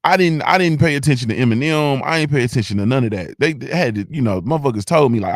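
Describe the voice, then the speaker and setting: A man hosting a boxing fan show in casual, slangy talk, excited and repeating himself as he goes. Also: medium pitch, fast, few pauses, no room sound, clean studio sound.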